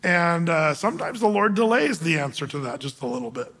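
High-voiced pastor in a reverberant hall. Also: male voice, sing-song, a little fast, fairly bright tone. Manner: conversational, rambling with many fillers and restarts; acts out quoted voices with raised pitch. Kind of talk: sermon.

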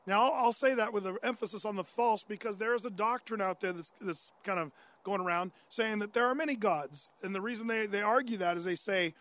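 In this conversational sermon, a man with a high voice teaches a Bible passage, raising his listeners' questions and responding to each. His pace is brisk and his tone fairly bright, with plenty of "uh" fillers and false starts.

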